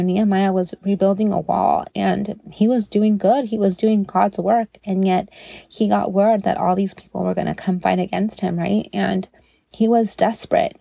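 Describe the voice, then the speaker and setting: A woman talks through scripture on her devotional podcast in an earnest, encouraging, conversational way. Her voice is mellow with a gravelly edge. The recording is dry and close, with a somewhat dull, lo-fi sound. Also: medium pitch, no room sound. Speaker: podcast host teaching scripture.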